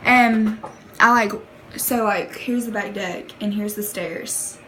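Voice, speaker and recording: A woman's voice: medium pitch, slow, fairly bright tone, slight background noise, rough recording. A woman with a Southern US accent chatting in a casual storytime vlog, rambling with lots of fillers, giggly and self-deprecating. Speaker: vlogger.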